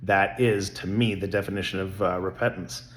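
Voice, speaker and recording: Rambling earnest man, lowish voice. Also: fairly even intonation, normal speed. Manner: rambling, earnest, faith-minded talk. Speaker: vlogger. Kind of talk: casual vlog monologue.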